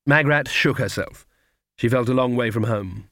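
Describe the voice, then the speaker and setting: A man reads a fantasy novel aloud in a measured, even storytelling voice. His pitch sits in the middle range. The recording is dry and close. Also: no echo. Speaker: audiobook narrator. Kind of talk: scripted narration.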